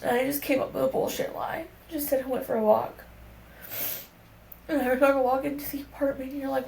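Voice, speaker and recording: Gravelly young woman, candid and raw. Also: high-pitched, steady tone, brisk, a little mellow. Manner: candid and raw, with casual swearing. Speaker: podcast guest. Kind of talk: personal storytelling conversation. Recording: echoey room with faint background hum.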